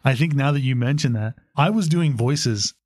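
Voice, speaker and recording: A man co-hosting a comic book podcast, speaking in casual chat with hesitant, halting phrasing. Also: medium pitch, darkish tone, no echo, studio quality. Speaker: podcast co-host.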